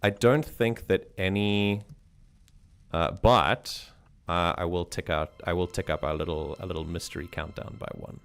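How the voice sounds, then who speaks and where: A man's voice: low voice, steady tone, moderate pace, vocal fry, a bit bright, clear, resonant tone. A man narrating and ruling as game master in a tabletop game, rambling with many restarts. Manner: rambling, frequent restarts, chuckling.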